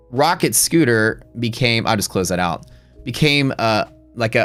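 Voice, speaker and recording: A middle-aged man hosting a live day-trading stream, telling a story in a blunt, profane, rambling way with many restarts. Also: medium pitch.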